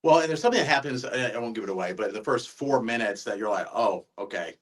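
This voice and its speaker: Man, Southern American accent, podcast host; animated, enthusiastic, a little distant from the mic. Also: mid-range voice, quick pace. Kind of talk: casual podcast interview.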